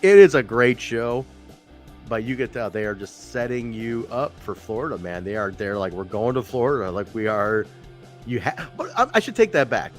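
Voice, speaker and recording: A man's voice: medium pitch, sing-song, normal speed, faint music behind. A man co-hosting a podcast, chatting casually and animatedly, joking and swearing now and then. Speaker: podcast co-host. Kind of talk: casual chat reviewing wrestling shows.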